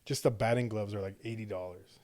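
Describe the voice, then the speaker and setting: A man's voice: fairly low pitch, steady tone, fast, darkish tone. A man in his thirties, co-hosting a podcast and telling stories in a laid-back, profane way. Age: 30s. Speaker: podcast co-host. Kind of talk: casual chat.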